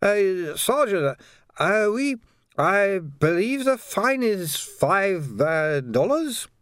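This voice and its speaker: Tipsy scared prisoner, read by a man, slow, hesitant. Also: high-pitched, very animated, fairly bright tone, dry recording, studio quality, pitched above the performer's own voice, heavily acted. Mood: nervous. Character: tipsy frightened male prisoner.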